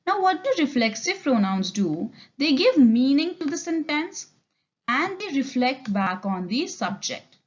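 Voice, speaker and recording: Indian woman teaching, slightly high voice. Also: sing-song, unhurried. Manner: explains step by step, mixing Hindi and English, frequent "okay?" checks. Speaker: English teacher. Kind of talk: recorded grammar lecture. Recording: dull lo-fi recording.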